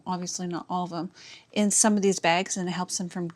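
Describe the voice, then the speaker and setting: A housewife with a lowish voice talks fairly quickly with fairly even intonation while cleaning her home and yard for her vlog. Recorded on a camera mic, her casual chat is rambling and self-mocking.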